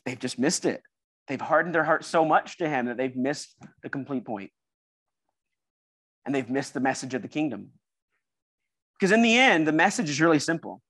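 A man delivers an earnest sermon at a church service, his pitch swinging widely as he presses each point. He leans on repetition to build emphasis. The sound is dry and close, with little room echo. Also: a bit bright. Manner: earnest, emphatic, builds through repeated phrases. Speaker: preacher.

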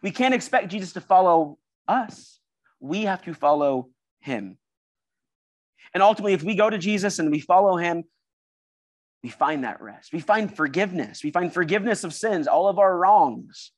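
A man's voice: high voice, animated, normal speed, no room sound. A man preaching a sermon in a church service, earnest and emphatic, building his points through repeated phrases.

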